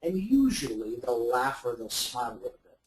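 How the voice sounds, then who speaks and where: A man's voice: mid-range voice, big pitch swings, fairly quick, echoey room, slight background noise, rough recording. A man giving sales advice as a webinar guest, talking in a rambling way with many fillers and restarts. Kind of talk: webinar talk.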